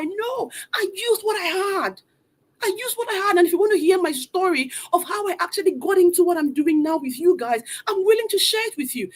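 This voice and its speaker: A woman, a mother of three, hosting a live online motivational session from a room at home. She speaks with energy, urging her audience again and again. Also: extremely high pitch. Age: adult mother of three. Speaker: motivational coach hosting a virtual event. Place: room at home, not a studio.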